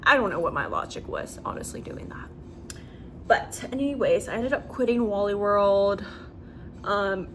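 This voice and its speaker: A woman's voice: mid-range voice, slight background noise, low-quality recording. A young adult woman chatting casually as she tells a story-time vlog, with lots of fillers. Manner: chatty and animated, with many fillers. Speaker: vlogger.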